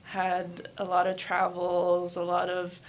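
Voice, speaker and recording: A woman's voice: lowish voice, monotone, takes it slowly, slight background noise. A woman in her thirties, a yoga studio owner, telling her life story candidly in a casual interview, with many fillers. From New Hampshire and West Virginia.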